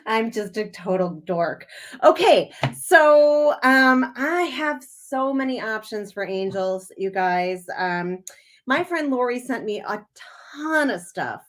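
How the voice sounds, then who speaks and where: Chatty, giggly woman hosting a craft livestream. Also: fairly high pitch. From Wisconsin. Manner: chatty, giggly, greets viewers by name. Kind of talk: casual livestream chat while crafting.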